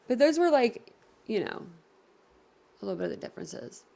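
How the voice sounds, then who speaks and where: A woman's voice: fairly high pitch, very animated, normal speed, gravelly, mellow, a little hiss or hum. A woman hosting a casual livestream, talking in a rambling way with many fillers and reading viewer comments aloud. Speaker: livestream host reading chat.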